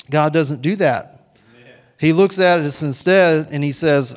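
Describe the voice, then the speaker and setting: A man delivering a church sermon with a voice pitched a little higher than most men. He preaches earnestly in a conversational way, repeating words and restarting phrases, and speaks reassuring lines as if in God's voice. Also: unhurried. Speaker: pastor.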